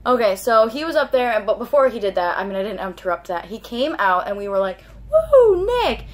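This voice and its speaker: A young woman vlogger, a little tipsy, excitedly retelling a story to camera with lots of fillers. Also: mid-range voice, fast talker.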